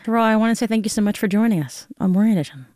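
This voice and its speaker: A woman's voice: medium pitch, rapid-fire, dark tone, dry recording, clean studio sound. Woman hosting a public radio morning show. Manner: friendly, chatty, laughs easily. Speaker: radio morning news host. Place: radio studio. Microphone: studio microphone.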